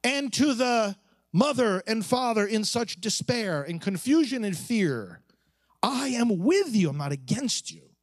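A priest preaching at a conference, emphatic and preacherly, asking rhetorical questions and repeating key phrases. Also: male voice, high voice, expressive, unhurried, dry recording, studio quality. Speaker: priest addressing a pro-life conference.

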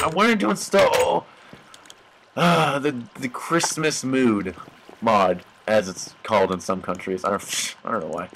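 A man's voice: medium pitch, fairly bright tone, slight background noise, low-quality recording. A young man giving goofy, mock-dramatic commentary over his own gameplay, talking to the animals on screen.

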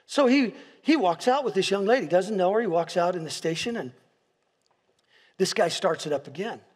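A pastor preaching a sermon in a large church hall, telling stories with restarts and repeated words and building to impassioned peaks. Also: male voice, sits high, animated, normal speed, darkish tone, slightly rough. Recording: long hall reverb.

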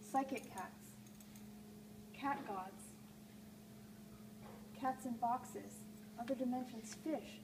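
A woman hosting a live call-in art show from a gallery, talking in a playful, rambling way that often trails off. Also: a little high. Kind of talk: live stream chat while drawing. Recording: noisy live stream room.

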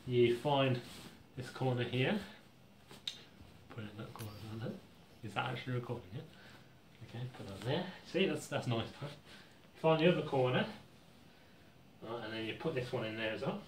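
A man's voice: medium pitch, normal speed, long pauses, reverberant, recorded from a distance, noisy background. A young man giving a goofy, jokey how-to demonstration. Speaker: vlogger. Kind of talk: jokey tutorial.

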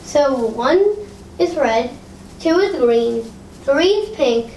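A high-voiced woman chats at home as she decorates a tree, pausing often with ums. The room sounds echoey, with a faint hiss behind her. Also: animated. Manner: chatty, hesitant with many ums. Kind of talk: casual home vlog chat. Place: home living room indoors.

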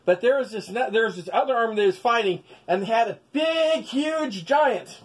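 A man's voice: very high-pitched, animated, moderate pace, slightly rough. A man telling a Bible story as a children's lesson with stuffed animals, folksy and full of sound effects. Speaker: storyteller teaching children's values.

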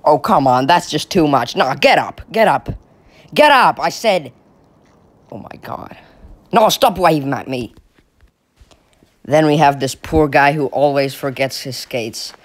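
A man's voice: fairly high pitch, a little slow. A young man from Finland giving mocking, exasperated comic commentary over a video. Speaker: comedy video creator.

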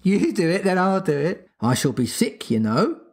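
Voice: mid-range voice, big pitch swings, moderate pace, a little mellow, slightly rough, pitched above the performer's own voice. A podcast reader voicing a blustering, childish father who sulks and bickers. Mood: petulant. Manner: huffy and childish. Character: blustering, petulant grown father.

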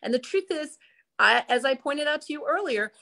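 A woman's voice: high-pitched, lively intonation, normal speed, gravelly, bright, forceful tone. A woman guest speaker talking earnestly and candidly at a virtual event, with many fillers, over a video call.

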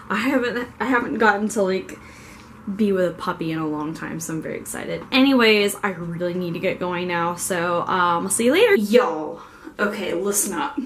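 A woman's voice: mid-range voice, moderate pace, slight background noise. A young woman from Ohio vlogging casually, rambling along with many fillers. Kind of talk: casual chat. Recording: echoey room with faint ambience.

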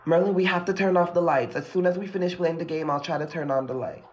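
A man's voice: a little high, fast, slight background noise. A man hosting a casual live stream from a dim room at home at night, talking dramatically and nervously and gushing at his viewers through a phone propped against a mirror. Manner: dramatic, jittery, gushes at viewers. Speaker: livestream host. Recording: echoey, dull lo-fi phone audio.

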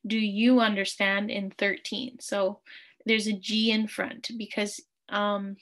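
A woman teaching a beginners' language class online, saying each phrase slowly and repeating it patiently. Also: medium pitch, a bit bright.

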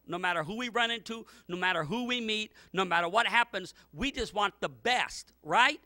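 A male pastor delivers a sermon in a high, piercingly bright voice. He drifts through loose asides, then builds to fervent, near-shouted retellings of scripture. The sound is close and dry. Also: a little fast, dry recording. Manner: loose, rambling asides with repeated words.

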